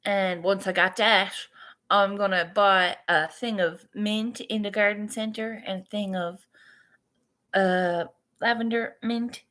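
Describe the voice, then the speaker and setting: A woman's voice: mid-range voice, steady tone, slow pace, a bit bright. A woman chatting casually to her viewers in a morning vlog, swearing and laughing often as she talks. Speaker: vlogger.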